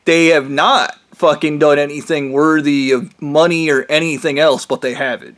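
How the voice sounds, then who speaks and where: Guy ranting angry and rambling, cursing nonstop, kinda high voice. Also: steady tone, moderate pace, fairly bright tone. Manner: rambling, heated, swears constantly. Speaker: vlogger. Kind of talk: profane angry rant.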